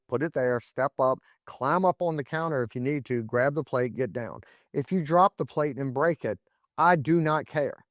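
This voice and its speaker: A man's voice: mid-range voice, no room sound, studio quality. A man in his forties hosting a solo podcast, talking emphatically with frequent restarts and repeated words. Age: 40s. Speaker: podcast host.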